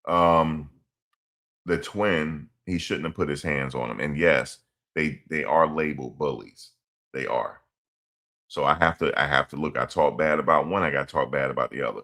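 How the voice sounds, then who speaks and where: A man's voice: rumbling low, normal speed, sharp tone. A man streaming, rambling through a story in casual slang and repeating his phrases. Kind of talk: casual livestream commentary.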